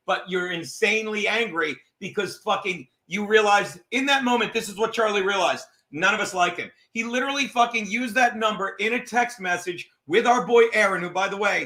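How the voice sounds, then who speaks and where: A man hosting a comedy podcast, ranting casually in a profane, mocking, excitable way. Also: high voice. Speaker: podcast host. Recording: roomy echo.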